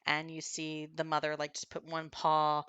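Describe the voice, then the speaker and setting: A woman narrating a tabletop game as game master in a lively, casual, descriptive way. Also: low voice, moderate pace, clear, resonant tone, no echo, lo-fi sound.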